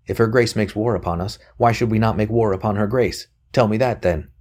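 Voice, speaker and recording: A man reading aloud, voicing an excitable young male conspirator who snaps and sneers bitterly. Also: lowish voice, brisk, pitched above the performer's own voice, close to an everyday voice. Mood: scornful. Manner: snapping, bitter, boastful.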